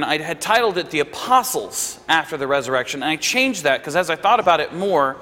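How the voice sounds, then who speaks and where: Bright-voiced preacher in a reverberant hall. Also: male voice, sits high. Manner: conversational, asks listeners "right?". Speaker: pastor. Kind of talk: sermon.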